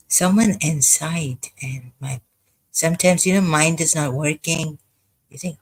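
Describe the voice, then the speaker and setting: A speaker talks slowly in a personal confessional monologue, breaking off and restarting again and again. The voice is husky and a little breathy, with an unsettled, frightened edge. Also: mid-range voice, low-quality recording. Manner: halting, hesitant, many pauses and false starts. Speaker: vlogger.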